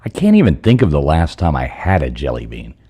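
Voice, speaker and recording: Male guest, very deep and mellow, husky, teasing and rambling. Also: wildly swooping pitch, fairly quick. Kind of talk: casual group chat on a stream.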